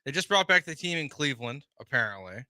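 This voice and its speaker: A male sports radio co-host who makes dry, joking remarks. His pitch moves in a lively way and his tone is bright and forceful. The sound is close and dry, as in a studio. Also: fast, no echo. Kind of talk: sports talk radio banter.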